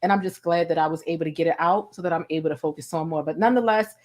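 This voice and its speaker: A woman's voice: deep voice, rapid-fire, darkish tone. A woman from Baltimore with a Baltimore accent, chatting casually to camera as a vlogger and talking to her cat now and then. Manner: chatty, talks to her cat between remarks. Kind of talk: casual commentary vlog.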